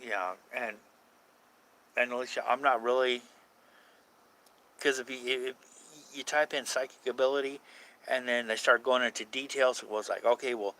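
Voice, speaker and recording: A man's voice: medium pitch, fairly even intonation, moderate pace, pauses often, pushed and bright, rough recording. A man casually chatting with viewers on a paranormal live stream, rambling from point to point and swearing now and then. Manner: rambling, swears casually, answers chat questions.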